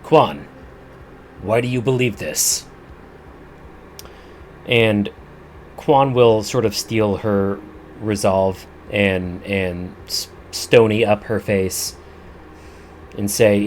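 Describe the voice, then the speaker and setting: A man narrating and running a tabletop game as its game master, in a slow, measured way with small restarts. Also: fairly low pitch, fairly even intonation, a little hiss or hum. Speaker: dungeon master.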